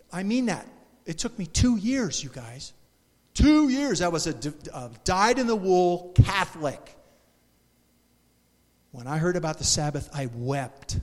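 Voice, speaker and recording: An impassioned male pastor preaches in a church sanctuary, his fairly high voice carrying a long echo off the walls. He stumbles and restarts, then bursts out loudly before dropping back to a soft, intimate tone. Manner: animated, emotional preaching with restarts and sudden loud bursts. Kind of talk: sermon.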